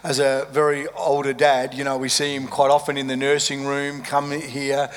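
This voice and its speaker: A man's voice: medium pitch, monotone, normal speed. A man hosting an interview, affirming and encouraging his guest as he asks questions. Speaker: host. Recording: reverberant room.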